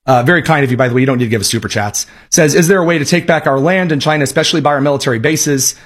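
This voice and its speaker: A man's voice: fairly high pitch, rapid-fire. A man hosting a political talk radio show, giving sarcastic, emphatic commentary, his voice a bit worn tonight.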